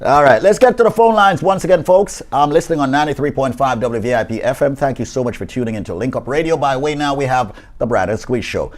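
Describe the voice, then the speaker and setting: A man's voice: medium pitch, fast talker, hardly any pauses. A man co-hosting a live radio call-in show, announcing in a promotional way and answering banter with dry comebacks. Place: law office studio.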